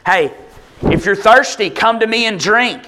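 Casual, animated man preaching a sermon. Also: high-pitched, unhurried. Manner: conversational, animated, acts out quoted voices. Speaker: pastor.

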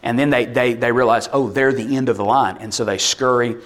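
Man, preacher, animated sermon storytelling, shouts at the peaks. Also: medium pitch, fairly quick.

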